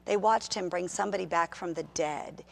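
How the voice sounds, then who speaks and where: A middle-aged woman pastor giving a sermon in an animated, conversational storytelling way. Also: fairly low pitch, fairly quick, gravelly.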